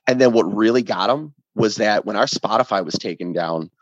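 A man with a low voice tells a story in casual podcast talk, animated and salty with his words. The sound is dull and lo-fi with no room echo. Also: brisk. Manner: animated, acts out quoted voices, swears freely. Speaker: band member guest.

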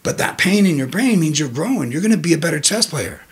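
A man puts on a stern, calm fellow inmate, an older man who mentors him over chess. He speaks slowly and deliberately, in a measured, instructive tone. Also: on the high side, husky, pitched above the performer's own voice, exaggerated voice.

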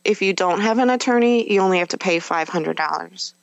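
A woman's voice: mid-range voice, fairly quick, creaky, no room sound, muffled recording. A woman guest on a podcast, candidly recounting a personal experience in a conversational way, with fillers and self-corrections.

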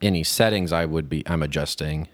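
Low-voiced male co-host, dry booth sound, casual and inquisitive. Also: fairly quick, dry recording. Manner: asks questions and talks things through casually. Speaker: podcast co-host. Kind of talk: casual chat. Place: podcast setup with mixer, indoors. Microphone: podcast mic with headphones.

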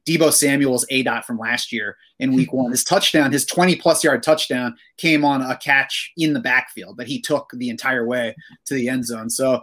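A man's voice: medium pitch, steady tone, normal speed, fairly bright tone. Man hosting a fantasy football podcast. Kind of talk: casual sports analysis chat.

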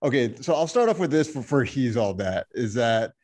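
A man's voice: mid-range voice, lively intonation, moderate pace, darkish tone. A man co-hosting a movie podcast, chatting casually and rambling with many fillers and restarts. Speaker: podcast co-host. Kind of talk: casual movie review chat.

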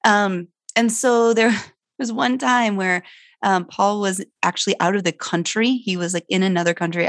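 A woman's voice: fairly low pitch, no room sound, clean studio sound. A middle-aged woman speaking candidly and animatedly as she tells a personal parenting story, her voice climbing sharply when she gets worked up. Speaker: guest, foster mother.

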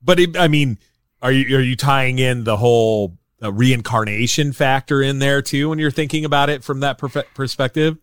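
A man with an ordinary mid-pitched voice chats about a film, starting hesitantly with fillers and then speaking emphatically. His voice is close and dry. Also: steady tone, normal speed, smooth, no echo. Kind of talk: casual film discussion.

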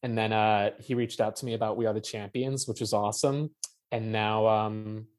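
A man's voice: on the low side, steady tone, moderate pace. A man being interviewed as a playwright, talking passionately and casually, with many fillers and the odd swear word. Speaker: playwright guest.

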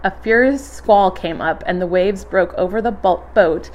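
A woman's voice: medium pitch, normal speed, darkish tone. A woman leading a church group, reading a Bible passage aloud and chatting casually between lines with frequent laughs. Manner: laughs often, casual and upbeat. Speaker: group leader.

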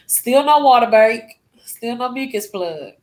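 Guest, young woman, fairly high voice, emotional first-person storyteller who acts out the dialogue. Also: animated, a little slow. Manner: emotional retelling with acted-out quotes.

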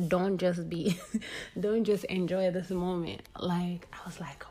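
A woman's voice: fairly low pitch, steady tone, slow, gravelly, warm tone, a little hiss or hum. A young woman hosting a podcast, talking candidly in a casual advice monologue drawn from her own life. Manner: candid, conversational, sharing personal stories. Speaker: podcast host.

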